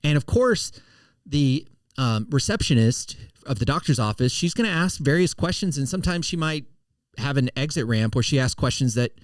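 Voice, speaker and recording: A middle-aged man talks casually as a podcast host, rambling a little and restarting sentences as he explains. His voice sits at an average pitch, recorded close and dry with no room sound. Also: lively intonation, moderate pace, no room sound. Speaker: podcast host and financial firm CEO.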